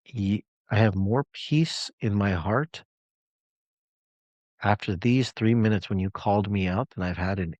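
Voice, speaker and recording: A man's voice: low voice, dry recording, lo-fi sound. A man coaching clients on a live call, telling a story in an emphatic, conversational way.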